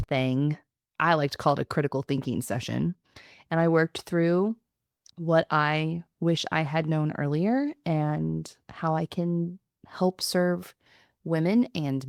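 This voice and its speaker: A middle-aged woman hosting a podcast in a casual, animated chat, often laughing and joking at herself. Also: deep voice, no room sound, studio quality. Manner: laughing, animated, self-mocking. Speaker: podcast host.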